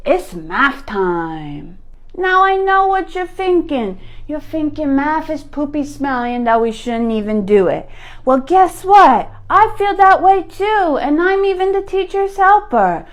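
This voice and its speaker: A self-important six-year-old with a high, piping voice, played by a woman in a comedy sketch. The kid bosses everyone around and says exactly what they think, with total confidence. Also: lively intonation, slow pace, full character voice. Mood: bossy, indignant. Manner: bossy, blunt, self-important. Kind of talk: comedy sketch character monologue.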